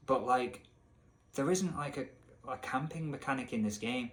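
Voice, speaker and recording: A man rants sarcastically about a video game in comedic commentary. His voice sits in a middling register but leaps high whenever he gets exasperated. The delivery is swearing, incredulous and full of mock outrage. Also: normal speed, fairly bright tone. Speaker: video essay host.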